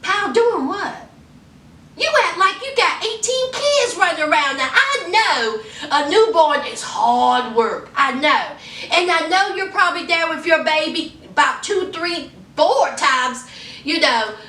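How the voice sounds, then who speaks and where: A sassy young woman, gossiping in a chatty way. Her voice is high and piercingly bright. She is recorded in an echoey room, a little away from the mic. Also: lively intonation, takes it slowly, recorded from a distance. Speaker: YouTube recap host. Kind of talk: casual chatty recap. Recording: roomy echo, off-mic.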